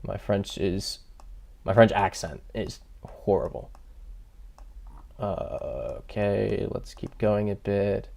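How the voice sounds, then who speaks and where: A man streams a game and thinks aloud, chatting with viewers, reading chat and poking fun at himself in casual commentary. His voice is lowish and darkish, slow with vocal fry, and he pauses often.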